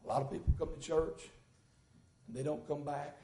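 A man preaching a sermon in a church, folksy and rising into fervent shouts. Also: on the high side, fairly even intonation, moderate pace. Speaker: pastor. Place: church sanctuary. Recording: echoey church room.

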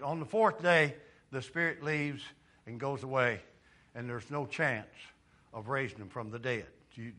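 Male preacher, bright forceful tone, dramatic swings between hush and shouting. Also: mid-range voice. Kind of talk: sermon.

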